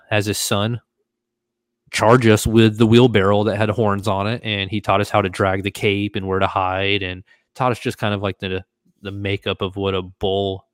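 A man hosting a podcast, telling a travel story in a casual, animated way and acting out the voices of the people in it. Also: lowish voice, clean tone, dry recording. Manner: animated, acts out quoted voices. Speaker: podcast host.

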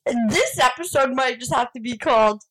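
A woman's voice: high voice, lively intonation, a little fast, no room sound. Teasing laughing woman co-host. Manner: teasing, laughs loudly and often. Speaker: podcast co-host. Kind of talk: casual chat.

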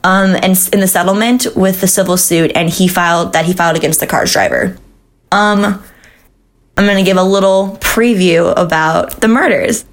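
A woman's voice: fairly low pitch, fairly even intonation, normal speed. Woman cohost on a true crime pod, super casual, lots of um and like, swears a bunch. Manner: swearing, laughing, chatty with fillers. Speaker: podcast co-host.

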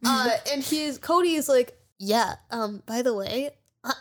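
A young woman co-hosting a podcast, casually retelling a show's scenes with quick acted-out quotes and plenty of swearing. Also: on the high side, expressive. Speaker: podcast co-host. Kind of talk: casual chat recapping an anime.

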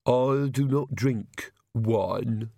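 A haughty male castle servant from a comic storybook, grumbling and slow, voiced by a male reader. His lines come out measured and sour, in a dry, close recording. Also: mid-range voice, expressive, no echo, voice pushed up.

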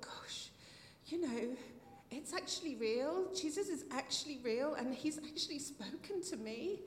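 A middle-aged woman gives a heartfelt personal testimony at a church meeting, her high voice animated and her pace measured. She comes close to tears at times and lets out soft laughs. The hall is echoey, with faint noise in the background.

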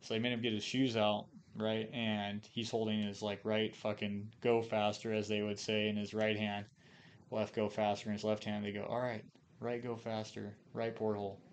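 A man's voice: fairly low pitch, completely flat delivery, normal speed, slight background noise. A man from Idaho, a podcast guest and former Marine, telling casual stories in a profane, rambling way full of fillers and restarts. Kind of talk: casual storytelling.

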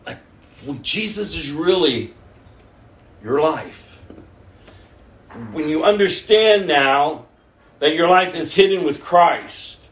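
Pastor preaching in an echoey room. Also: male voice, fairly high pitch, expressive, slow pace, pauses often. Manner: storytelling, acts out his own prayers and others' words. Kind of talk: sermon. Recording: echoey room, mic at a distance.

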